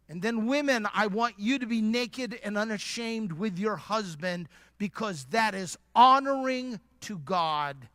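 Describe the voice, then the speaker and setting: High-pitched preacher guy, punchy and direct, really bright tone. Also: moderate pace, few pauses, no room sound. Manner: emphatic, direct, repeats lines for emphasis. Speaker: conference speaker. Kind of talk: preaching sermon. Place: church.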